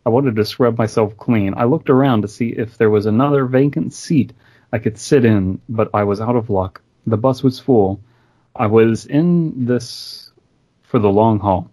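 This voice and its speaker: Man, podcast host, mid pitch, reads a creepy story aloud, dry joking asides, video call. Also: a little slow, warm tone. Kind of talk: reading a horror story aloud between casual chat.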